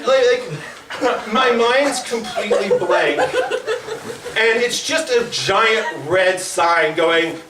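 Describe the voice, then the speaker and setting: At an open mic in a small comedy club, a young male stand-up comedian tells a story in a halting, stammering way, restarting often, with an extremely high, sing-song voice. With no microphone, he's recorded from across the room, so the sound is roomy and distant. A noisy crowd and audience laughter fill the background.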